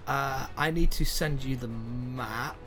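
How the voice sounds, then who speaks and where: A game master narrating a tabletop game with many pauses, hesitations and easy laughter. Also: medium pitch, over music. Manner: rambling, lots of uhs, laughs easily.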